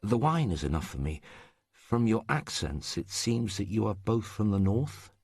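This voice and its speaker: A man's voice: lowish voice, big pitch swings, moderate pace, darkish tone, slightly rough, no echo, studio quality, voice pushed up, full character voice. A man voicing Old Zhang, an old male wandering storyteller who declaims sorrowful tales and half-sung sayings. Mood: grave.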